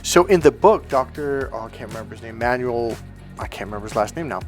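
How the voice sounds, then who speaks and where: A male life coach telling stories in a casual, animated way, bluntly swearing and acting out the people he quotes with raised voices. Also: mid-range voice, fast, soft background music. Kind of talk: casual storytelling monologue.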